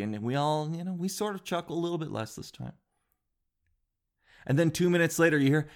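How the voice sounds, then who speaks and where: A man with a mid-range voice tells a comic story as a show host. He rambles in a casual, animated way, often restarting his sentences and filling gaps with small words. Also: medium pitch, quick pace. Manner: rambling, animated, with filler words and self-interruptions.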